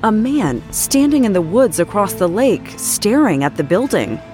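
A woman giving measured, dramatic scripted narration for a true-crime program. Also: mid-range voice, sing-song, darkish tone. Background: music.

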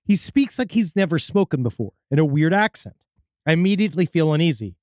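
A man's voice: fairly high pitch, sing-song, brisk, darkish tone, dry recording. A man co-hosting a podcast, casually reading out a listener's creepy story and swearing now and then. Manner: casual, profane, dips into voices for quoted people.

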